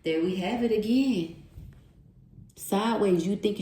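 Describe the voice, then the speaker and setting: A woman speaks in an unhurried, heartfelt way as she gives a tarot reading, repeating encouraging affirmations again and again. Her mid-range voice bounces around a reverberant room, and she never rushes a phrase. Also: mid-range voice, mellow. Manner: earnest, repeats affirmations over and over. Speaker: tarot reader. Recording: roomy echo.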